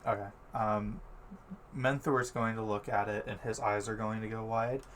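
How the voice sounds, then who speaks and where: A man's voice: fairly low pitch, steady tone, normal speed, fairly bright tone, slight background noise. A man narrating as game master of a tabletop game, laid-back, with many fillers and easy laughs.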